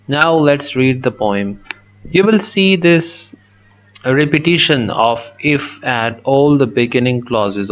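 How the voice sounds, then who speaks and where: A man teaching a poetry lesson, slow and methodical, repeating words as he writes on the screen. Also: medium pitch, a bit bright, slight background noise, low-quality recording. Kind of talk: poetry lesson with a digital pen.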